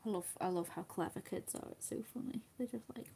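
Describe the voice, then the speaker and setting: A woman's voice: medium pitch, a little fast, gravelly, dark tone, a little hiss or hum. A woman chatting casually while she colours, laughing often and dropping to a near whisper when she concentrates. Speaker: craft livestream host.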